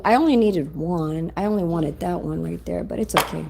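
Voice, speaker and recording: A woman's voice: fairly low pitch, moderate pace, gravelly, very noisy. A middle-aged woman hosting a casual livestream over lunch, reading out viewer comments with lots of fillers. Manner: chatty, reads out viewer comments, many fillers. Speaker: livestream host. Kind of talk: casual live chat while eating lunch.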